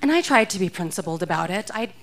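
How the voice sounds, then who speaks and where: A woman's voice: medium pitch, animated, fast, a bit bright, slight background noise. Wry woman telling a story on stage. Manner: wry, self-mocking, often laughing. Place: theater stage before a live audience.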